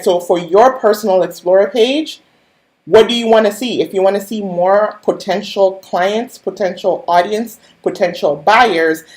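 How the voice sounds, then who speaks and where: A woman's voice: on the low side, darkish tone. A woman coaching her viewers on a live stream in a chatty, playful way, talking straight to them and making asides. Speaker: online business coach. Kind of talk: casual live-stream teaching.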